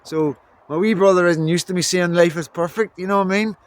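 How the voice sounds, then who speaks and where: A vlogger from Belfast, with a Northern Irish accent and a high, steady voice, talks fairly quickly to the camera indoors in Scotland. He rambles casually, saying "you know what I mean" a lot.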